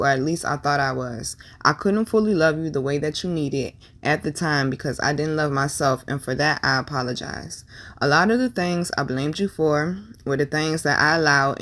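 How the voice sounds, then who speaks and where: A young woman vlogger telling a painful personal story candidly, with slang and swearing, and repeating lines for emphasis. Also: deep voice. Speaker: tarot and numerology vlogger.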